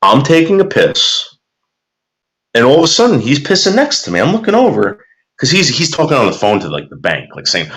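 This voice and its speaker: A man's voice: medium pitch, wildly swooping pitch, brisk, a bit bright. A man casually chatting and telling a rambling, profane story while reacting to viewer comments.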